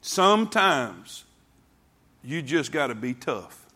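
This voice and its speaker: A man preaching a sermon to his congregation, telling folksy stories and swinging between hushed asides and shouting. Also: mid-range voice, sing-song, takes it slowly. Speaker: pastor. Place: church sanctuary before a congregation.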